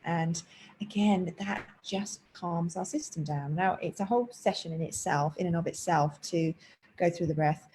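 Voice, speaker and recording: Mellow-voiced woman teaching breathwork. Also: lowish voice, moderate pace, a little hiss or hum, low-quality recording. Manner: chatty and explanatory, breaking off for asides to her cat. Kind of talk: casual spoken class introduction. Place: at home indoors, rain outside.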